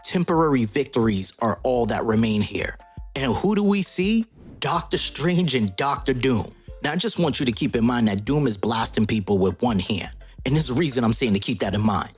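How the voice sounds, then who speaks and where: A man's voice: medium pitch, expressive, moderate pace, husky, soft background music. A man narrating a comic story recap casually, with slangy, joking asides.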